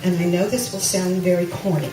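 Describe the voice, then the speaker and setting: A woman's voice: fairly low pitch, fairly even intonation, brisk, warm tone. A woman giving a chatty personal testimony to a church congregation, with self-deprecating humor. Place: church sanctuary. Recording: echoey room, mic from a distance.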